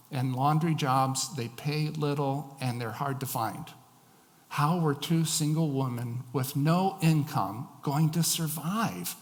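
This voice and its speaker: A man's voice: on the high side, big-room sound. A male pastor preaching a sermon. He reads scripture aloud, explains it, and acts out the quoted lines with rising emphasis.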